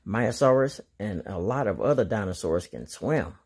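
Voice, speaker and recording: A man's voice: on the low side, expressive, normal speed, darkish tone, breathy edge, voice pushed down. A man voicing a studious young girl in a children's storybook, explaining facts. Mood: informative. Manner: explaining, informative. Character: studious girl who reads dinosaur facts.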